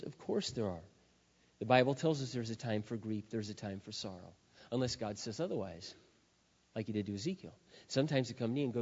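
Forceful preacher in an echoing hall. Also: male voice, mid-range voice. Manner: forceful, swings between loud emphasis and quiet intensity. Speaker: pastor. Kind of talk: sermon. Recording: dull sound with long hall reverb.

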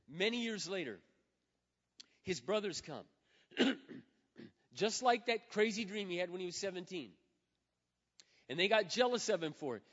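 A man in his fifties preaching a sermon as pastor, dramatic and swinging from loud to hushed, acting out quoted prayers. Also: sits high. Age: 50s. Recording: dull sound with long hall reverb.

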